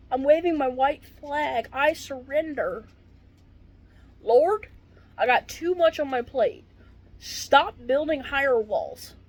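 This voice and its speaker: A woman who is a retired paramedic, in pain and venting to camera with swearing and dark jokes. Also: high-pitched. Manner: swearing, exasperated, darkly joking.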